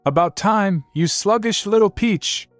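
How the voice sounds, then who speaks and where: A man voicing a booming, scolding male spirit companion in a storybook recap, barking and growling his lines. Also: moderate pace, no echo, soft background music, natural voice.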